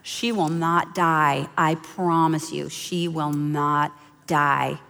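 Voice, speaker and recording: A woman voicing a calm, reassuring older female mentor with a light Boston accent, speaking slowly and firmly. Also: high-pitched, long reverb tail, pitched above the performer's own voice, heavily acted. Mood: soothing. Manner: slow, soothing, firm reassurance.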